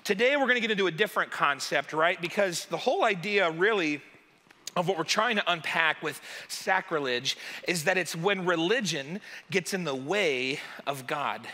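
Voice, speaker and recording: Bright-voiced joking pastor in a church hall. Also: male voice, fairly high pitch, lively intonation, normal speed. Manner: chatty, joking, full of asides. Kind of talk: casual sermon opening. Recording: long church-hall reverb.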